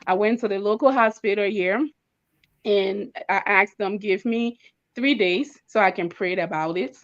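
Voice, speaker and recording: A woman's voice: mid-range voice, unhurried, muffled recording. A young woman giving an emotional personal testimony as an interview guest, stammering and repeating words as she tells her story. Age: young adult.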